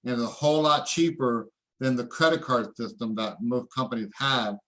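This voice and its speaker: Excitable male presenter with a bright, forceful voice, preachy, calls for audience responses. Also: medium pitch, moderate pace. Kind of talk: online sales presentation.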